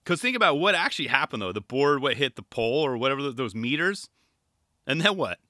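A young man giving casual solo commentary on skateboarding, excitable and rambling, firing off rhetorical questions. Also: medium pitch, fast, dry recording, clean studio sound.

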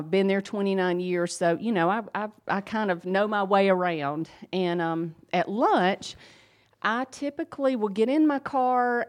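A woman in her fifties giving a personal faith testimony, earnest and emphatic, talking conversationally with fillers. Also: medium pitch. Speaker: speaker sharing a faith testimony.

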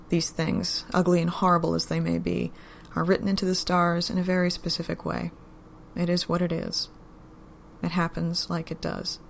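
A woman narrates a story in a steady, unhurried audiobook manner. Her voice sits low with a gravelly texture. A faint background hiss runs under the reading.

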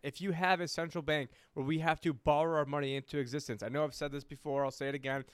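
A man's voice: on the high side, smooth, dry recording. A man co-hosting a podcast, ranting heatedly about money and politics, swearing and rambling with many fillers and restarts. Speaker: podcast co-host. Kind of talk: casual political and money talk.

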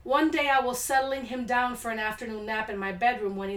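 Brisk and a bit bright, a woman with a fairly high, steady voice works through listener stories on her casual podcast. Her reactions are blunt and laid-back, and the home studio room where she records sounds echoey.

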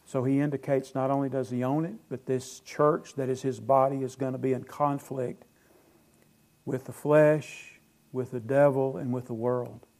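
With a mid-range voice, level tone and normal speed, this man preaches emphatically as a pastor. He asks the congregation questions, answers them, and his volume rises and falls between phrases.

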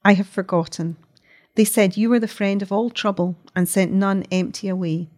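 A woman voicing a distressed, weary noblewoman who speaks low, with a moan in her voice, in a read-aloud story. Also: steady tone, moderate pace, darkish tone, lightly acted. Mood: anguished. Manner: low and moaning.

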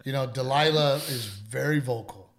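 A man's voice: mid-range voice, moderate pace. A man in his thirties, a podcast co-host and father, chatting in an easygoing way with jokes and frequent "right?". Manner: easygoing, joking, says "dude" and "right?". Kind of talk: casual chat.

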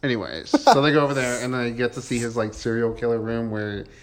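A man's voice: medium pitch, quick pace, slight background noise. A man co-hosting a podcast in casual chat, recapping a film in a playful, giggly way. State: has hiccups. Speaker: podcast co-host.

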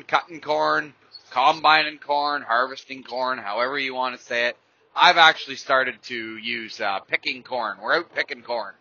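In a dry, slightly dull lo-fi recording, a podcast host with a mid-range voice and sharp tone rambles casually through stories and rants, speaking bluntly and profanely.

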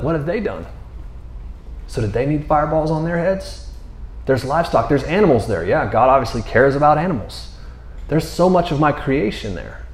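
A man with a medium-pitched, slightly mellow voice teaches from the Bible in an earnest, rambling, conversational sermon. He repeats words and keeps checking in with listeners, often asking "you know what I mean?" The room has a noticeable echo.

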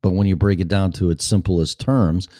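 A man's voice: low voice, steady tone, moderate pace, dark tone, no echo, studio quality. A man in his fifties hosting a show, talking in a rambling, profane, blunt way. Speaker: podcast host. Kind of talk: casual monologue.

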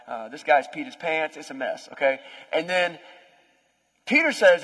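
A young adult man, a pastor, preaching a conversational sermon with lively storytelling. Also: fairly high pitch, a little slow, slightly rough. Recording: long hall reverb.

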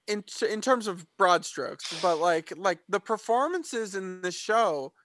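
A man's voice: high-pitched, expressive, slow, fairly bright tone, slight background noise. A man co-hosting a podcast, chatting casually about a TV show and rambling with lots of fillers and restarts. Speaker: podcast co-host. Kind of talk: casual chat reviewing a TV show.

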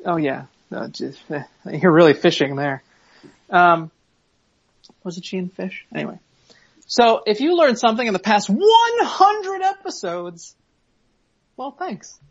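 A woman with a husky, breathy voice pitched a little low, co-hosting a podcast. She rambles through jokes and plugs with casual swearing. The audio is dull and lo-fi. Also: normal speed. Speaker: podcast co-host.

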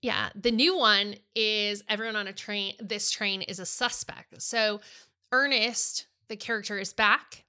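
A middle-aged woman talking about books in an enthusiastic, chatty way. Her voice is bright and forward, and she talks easily as a podcast co-host. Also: mid-range voice, fairly even intonation, unhurried. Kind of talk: casual chat about books.

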